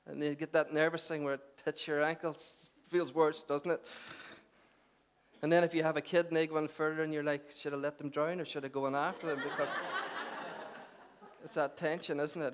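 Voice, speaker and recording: A middle-aged pastor preaches in a conversational way, mixing jokes with earnest, emphatic points. His voice sits a little high for a man. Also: level tone, fairly quick, a crowd in the background. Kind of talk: sermon.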